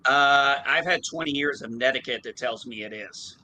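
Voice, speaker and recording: A man's voice: mid-range voice, moderate pace, pushed and bright, low-quality recording. A man in a casual debate, insistent and repeating his points as a co-host.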